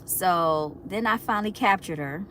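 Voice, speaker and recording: A woman's voice: fairly low pitch, moderate pace, background noise. Chatty woman talking to viewers. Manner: chatty, laughs often, addresses viewers as y'all. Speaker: livestream host. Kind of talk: casual chat with viewers.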